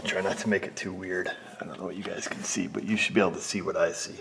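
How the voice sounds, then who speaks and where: A man's voice: low voice, flat delivery, quick pace, gravelly, hardly any pauses, fairly bright tone, a little hiss or hum. A man working as a mechanic, rambling and joking to himself as he talks through a repair in his shop, sometimes dropping to a whisper up close. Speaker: auto mechanic. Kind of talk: casual work narration. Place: auto repair shop bay.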